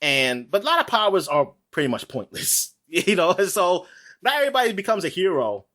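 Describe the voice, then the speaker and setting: A man co-hosting a podcast, talking in casual chat that rambles, with quick asides and frequent laughs. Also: sits high, big pitch swings, bright, forceful tone. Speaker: podcast co-host.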